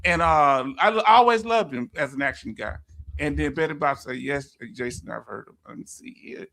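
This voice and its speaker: A man with a Southern US accent hosts a casual livestream and reads viewer comments aloud. His voice sits a little high for a man. He laughs easily and stumbles over his words. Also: normal speed, vocal fry, bright, forceful tone, slight background noise. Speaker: livestream host.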